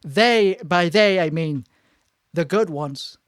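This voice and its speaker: Hosting a podcast at a slow pace, this man has a fairly high, clean voice. He rambles through comic material, breaking into a put-on frantic Chicago-style accent and interrupting himself mid-thought, with studio quality, no room sound, and two close microphones.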